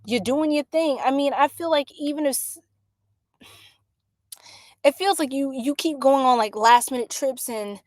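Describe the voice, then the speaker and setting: A woman giving a casual live-stream astrology reading, chatty and exclamatory, with drawn-out fillers. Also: high voice, a little mellow, dry recording. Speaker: astrology tarot reader. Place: home room by a window.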